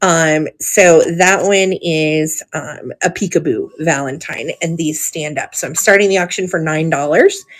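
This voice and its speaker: A woman's voice: low-pitched, unhurried, hardly any pauses. A woman hosting a live online auction stream, chatty and gushing, with frequent ums as she shows items. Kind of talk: live sale stream chat.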